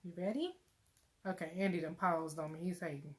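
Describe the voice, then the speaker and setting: A woman's voice: on the low side, a little fast, music in the background. A woman hosting a meditation group, chatting in a casual, playful and joking way, full of fillers. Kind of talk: casual livestream chat.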